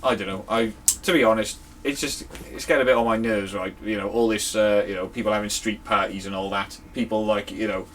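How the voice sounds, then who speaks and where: A man's voice: fairly low pitch, fairly even intonation, a little fast, fairly bright tone, a little hiss or hum. A young man in casual podcast banter, blunt, sweary and grumbling. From Wales. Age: young adult. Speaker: podcast co-host.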